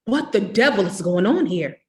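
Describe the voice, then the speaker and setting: A woman's voice: medium pitch, lively intonation, moderate pace, a little mellow, echoey room, recorded from a distance, pitched above the performer's own voice, close to an everyday voice. A woman reading aloud, voicing a stern mother who scolds her daughters. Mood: scolding.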